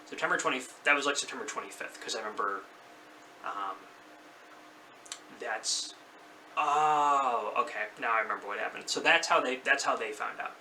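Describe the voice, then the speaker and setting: With a sharp tone, mid-range pitch, and normal speed, a man in his thirties rambles through a personal story for his bedroom vlog, correcting himself now and then. The mic sits slightly distant, catching faint background noise.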